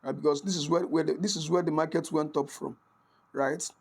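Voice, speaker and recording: In a fairly high, darkish voice, this man talks fairly quickly and with a steady tone through a screen-recorded trading tutorial. As a forex instructor he stays casual, asks "right?" often, and keeps restarting and correcting his sentences.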